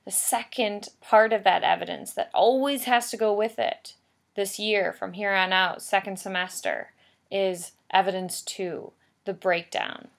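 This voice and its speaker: Woman, teacher, recorded lesson, patient explaining, emphatic repeats, mid-pitched, creaky fry. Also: steady tone, measured pace.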